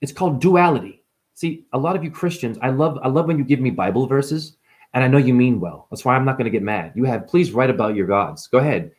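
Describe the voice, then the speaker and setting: A man speaking in a loose, playful monologue as a spiritual vlogger, often addressing listeners as honey. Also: a little fast. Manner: animated, swinging pitch, playful, calls listeners honey. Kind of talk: casual monologue.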